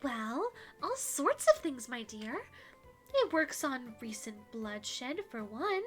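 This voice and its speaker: A woman's voice: high voice, sing-song, takes it slowly, a bit bright, faint music behind, heavily acted. A woman putting on a sing-song, teasing vampire lady. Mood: playful.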